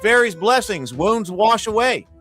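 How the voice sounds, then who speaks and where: Male GM calling a live tabletop fight, high, bright and eager, faint music underneath. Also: a little slow. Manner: excitable, cheers and pleads over dice results. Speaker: game master and streamer. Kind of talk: live play-by-play of a tabletop arena battle.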